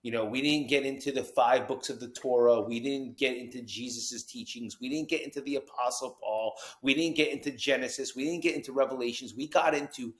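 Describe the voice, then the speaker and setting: A man from New Jersey, a podcast guest telling his story with animated energy and acted-out quotes. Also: medium pitch, brisk, hardly any pauses. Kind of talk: storytelling interview.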